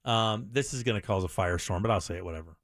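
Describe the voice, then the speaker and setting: A man hosting a call-in radio show, chatting casually, animated and self-deprecating, often restarting his sentences. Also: on the low side, fast talker, dry recording, studio quality.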